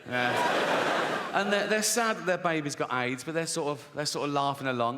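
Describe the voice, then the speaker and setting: Brash, brightly toned male comedian. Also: fairly high pitch, fairly quick. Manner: brash, swearing, acts out voices of his mum and others. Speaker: stand-up comedian. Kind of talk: stand-up comedy storytelling. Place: large theatre stage with a live audience. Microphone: stage microphone. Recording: live hall recording with long reverb.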